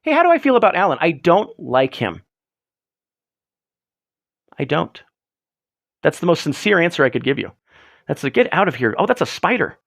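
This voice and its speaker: High, lively man ranting on a stream. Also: normal speed, creaky, pauses often, dry recording, clean studio sound. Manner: rambling, profane, mock-ranting. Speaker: livestream host. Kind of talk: casual livestream chat.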